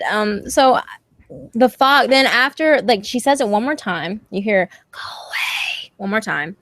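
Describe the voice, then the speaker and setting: A young woman telling a scary story to her stream in a casual, animated way, swearing freely. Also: mid-range voice, dry recording. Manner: animated, swearing, quotes friends in voices.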